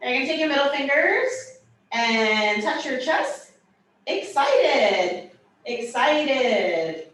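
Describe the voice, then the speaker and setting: A woman teaching a sign language class, explaining each sign slowly with playful asides. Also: high voice. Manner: slow, animated, playful explanations. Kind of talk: teaching a hybrid class, demonstrating signs. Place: classroom, in person and over video call. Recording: roomy echo, far from the mic, faint room noise.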